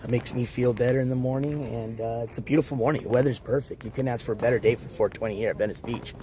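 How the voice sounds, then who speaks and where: A man livestreaming from a beach in the morning, hoarse and losing his voice, rambling as he walks and shouts out viewers in chat. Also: mid-range voice, fairly even intonation, fast talker, a little hiss or hum. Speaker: IRL livestreamer. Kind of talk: casual live-stream chat.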